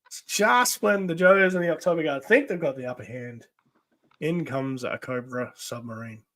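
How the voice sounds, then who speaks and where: A man's voice: medium pitch, moderate pace, fairly bright tone. Chatty man reading a comic. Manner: chatty, hesitant with many fillers. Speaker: host. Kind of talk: casual live comic read-along.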